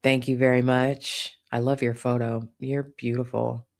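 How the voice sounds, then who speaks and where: A woman's voice: a bass voice, little pitch movement, unhurried. Brief: woman livestream host, casual, chatty, thanking viewers. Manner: warm, chatty, swears casually. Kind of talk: casual livestream chat, reading viewer donations.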